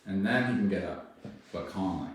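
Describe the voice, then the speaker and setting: A man working as a dog trainer, explaining casually in a relaxed, rambling way while praising the dog. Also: deep voice, moderate pace, slight background noise. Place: indoor room with dogs. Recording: echoey room, mic far off.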